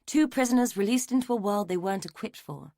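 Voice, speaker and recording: A woman reading a mystery novel aloud in a measured, even way. Her voice sits at a middle pitch for a woman, and the recording is dry and close with no room sound. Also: no room sound. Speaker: audiobook narrator. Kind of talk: scripted narration.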